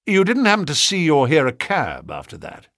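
A man voicing a brilliant, impatient Victorian detective with a crisp, commanding manner in an audiobook. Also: a little high, huge pitch swings, moderate pace, a bit bright, no room sound, clean studio sound, voice pushed up, exaggerated voice. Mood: brisk. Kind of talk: audiobook character reading.

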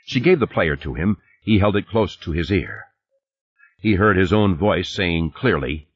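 A male narrator reads a novel with a deep, husky voice and a lively rise and fall. The recording sounds dull and lo-fi. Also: a little slow, no echo. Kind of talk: audiobook reading.

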